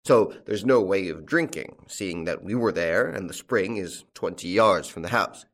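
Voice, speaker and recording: A man voicing a stubborn old farmer who talks loudly and insistently. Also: low voice, normal speed. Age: older. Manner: loud, blustering and insistent. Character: gruff, stubborn old male farmer, blustering.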